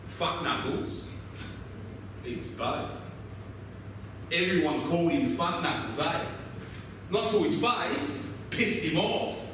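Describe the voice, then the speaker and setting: A laconic outback bloke, echoey. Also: male voice, fairly high pitch, expressive, takes it slowly, long pauses. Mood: wry. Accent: Australian. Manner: drawling yarn-spinner, swears freely. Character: weathered, laconic male outback roadhouse bloke. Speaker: outback roadhouse local telling a story. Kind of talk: theatrical monologue. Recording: very echoey, distant mic, noisy ambience.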